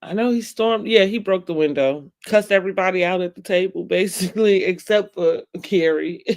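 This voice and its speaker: A woman's voice: fairly low pitch, normal speed, hardly any pauses, darkish tone. Chatty opinionated woman recapping a show. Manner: chatty and opinionated, laughs often, addresses viewers as y'all. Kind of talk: casual TV recap chat to viewers.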